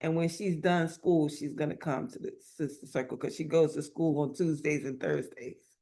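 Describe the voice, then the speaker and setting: A woman's voice: low-pitched, normal speed. Woman telling a faith story animatedly. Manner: animated storytelling, acting out quoted voices; repeats phrases for emphasis. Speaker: motivational speaker. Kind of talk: faith-based testimony talk.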